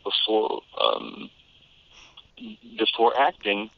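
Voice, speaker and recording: A man's voice: fairly low pitch, drawn-out words, creaky, no echo. An American man, a voice actor, chatting and telling stories in an interview, laughing often and restarting his sentences. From United States. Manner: animated storyteller, laughs often, frequent restarts. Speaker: voice actor guest. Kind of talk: casual interview chat. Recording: tinny phone-like line.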